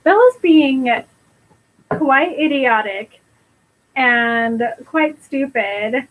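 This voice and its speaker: A woman's voice: high-pitched, expressive, extremely slow, phone-quality sound. A woman podcast co-host, chatting casually and teasing as she comments on a story. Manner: teasing commentary with frequent laughs. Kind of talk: casual chat.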